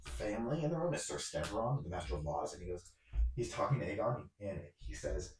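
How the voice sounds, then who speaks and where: A man's voice: on the low side, very animated, fairly quick. A man narrating as game master of a tabletop game, in a rambling way with many fillers. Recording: roomy echo.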